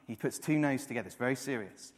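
A man's voice: mid-range voice, lively intonation, fast talker. A man in his thirties preaching a sermon, earnest, repeating words and rising to emphatic peaks. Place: church hall. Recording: long reverb of a church hall.

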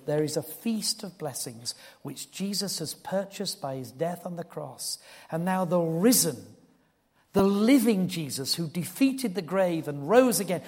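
An older man preaching a sermon, telling a personal story earnestly and dropping to a hushed tone for solemn moments. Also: on the high side, expressive, moderate pace. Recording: long hall reverb.

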